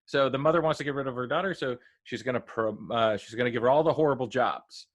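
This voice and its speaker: Male co-host, mid-pitch, rambling and halting with fillers, casual review talk. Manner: rambling, halting, many fillers, animated quoted voices. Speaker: podcast co-host reviewing a TV episode.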